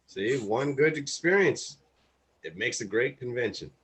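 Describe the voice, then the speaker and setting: A man on a casual podcast, easygoing and quick to laugh. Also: medium pitch, lively intonation, fairly bright tone, breathy edge. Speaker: podcast co-host.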